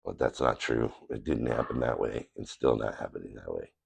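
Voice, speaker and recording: Very deep gravelly man, nasal from a cold. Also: normal speed. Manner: earnest, plain-spoken, rambling with restarts. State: recovering from a cold. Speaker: channel host. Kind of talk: casual personal testimony to camera.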